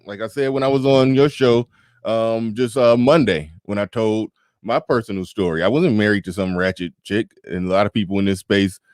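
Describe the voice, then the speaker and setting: A man as a podcast guest in casual chat, animated, laughing often and repeating words as he restarts. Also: on the low side, normal speed, no echo, clean studio sound.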